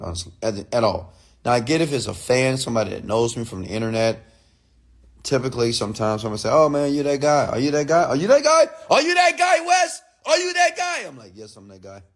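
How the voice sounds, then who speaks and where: A man giving a casual late-night rant, talking straight to his viewers and acting out other people in high, mocking voices. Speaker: online entrepreneur and mentor.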